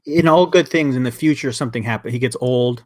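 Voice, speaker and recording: A man's voice: medium pitch, fast talker, a little mellow. Guy on a podcast rambling and getting worked up, lots of restarts. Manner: rambling, heated, frequent restarts. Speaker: podcast co-host. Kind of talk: casual review chat.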